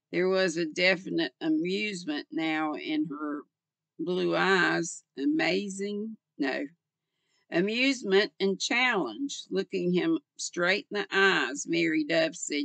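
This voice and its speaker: An older woman reading a mystery novel aloud as a chapter, unhurried and steady. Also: on the low side, vocal fry, dry recording. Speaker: audiobook reader.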